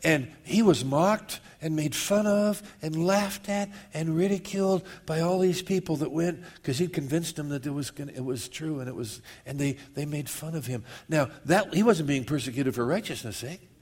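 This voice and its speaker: A man preaching a sermon, slowing down for scripture and rushing through quick asides. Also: fairly high pitch, darkish tone. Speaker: pastor.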